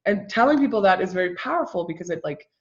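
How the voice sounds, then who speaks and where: A woman's voice: fairly low pitch, lively intonation, fast, highs cut off. A young woman hosting an interview in casual conversation, often affirming her guest with "yeah". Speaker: interview host.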